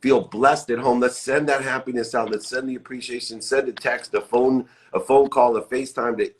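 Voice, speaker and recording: A man's voice: medium pitch, fairly even intonation, moderate pace, slight background noise. A middle-aged man hosting a live motivational chat, effusive and upbeat, repeating uplifting phrases. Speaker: live show host. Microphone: phone or webcam live stream.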